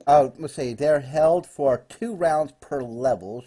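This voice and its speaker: A man's voice: medium pitch, takes it slowly, mellow, breathy edge. A man running a live online tabletop game as dungeon master, chatty and explaining rules with fillers.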